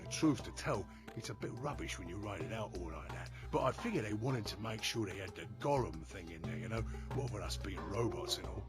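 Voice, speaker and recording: Actor voicing a cheeky Cockney robot. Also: male voice, on the low side, expressive, fairly quick, few pauses, loud music behind the voice, close to an everyday voice. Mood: chatty. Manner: cheeky, folksy, grumbling. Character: chatty male robot laborer with Cockney accent.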